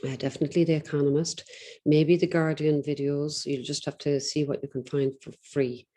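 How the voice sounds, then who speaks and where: A woman tutor giving a spoken lesson on exam speaking skills, talking in an instructive way with frequent ums and deliberate slow pauses. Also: deep voice, level tone, dark tone. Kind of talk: online teaching lesson.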